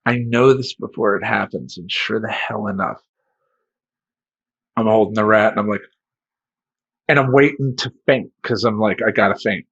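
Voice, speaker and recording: A man, a life coach, telling a comedic personal story in an animated, self-mocking and rambling way, on a dull lo-fi recording. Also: lowish voice, moderate pace, gravelly, long pauses, husky. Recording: dull lo-fi sound.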